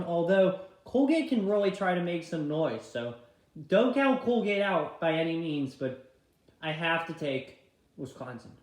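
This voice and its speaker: High-voiced young man chatting picks. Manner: chatty, quick picks with frequent apologies for misclicks. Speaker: vlogger filling out a tournament bracket. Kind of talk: casual bracket-pick commentary. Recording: echoey room sound.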